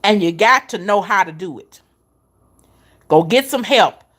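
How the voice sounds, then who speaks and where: Speaking a little slowly in a mid-range, fairly bright voice with lively intonation, this middle-aged motivational speaker offers encouragement rooted in faith. Her folksy, Southern-flavored talk leans on emphatic repetition, and she addresses the listener as honey and baby.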